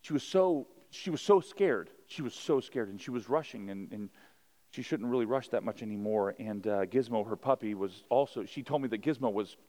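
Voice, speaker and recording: A man's voice: medium pitch, normal speed, warm tone. A male pastor giving a sermon, moving between casual storytelling and rising preached emphasis.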